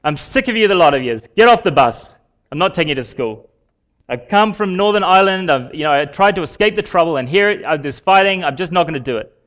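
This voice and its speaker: A man preaching quotes a fed-up male bus driver, speaking louder and higher. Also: animated, normal speed, lo-fi sound. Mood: exasperated. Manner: exasperated, raised voice.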